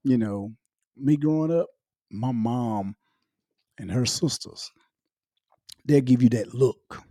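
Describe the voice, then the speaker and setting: A man's voice: mid-range voice, slow, dark tone, no room sound, clean studio sound. A man who is a comedian and former officer, talking in a laid-back, joking way as a podcast guest. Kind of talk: casual podcast chat.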